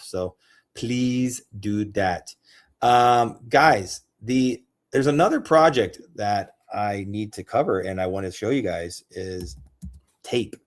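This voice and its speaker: A young man streaming casual crypto commentary, rambling and excitable, often repeating himself and restarting sentences. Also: on the low side.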